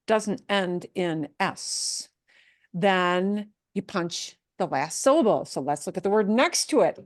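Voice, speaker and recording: Woman, Spanish teacher, slow deliberate delivery, dry close sound, playful repeats. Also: medium pitch, no echo. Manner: playful, drawn-out repeated words. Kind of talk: pronunciation lesson.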